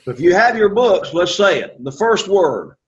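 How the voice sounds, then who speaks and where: A man teaching Greek to a class, coaxing students and repeating words slowly for pronunciation. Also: high voice, sing-song, dull audio. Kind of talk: classroom lesson.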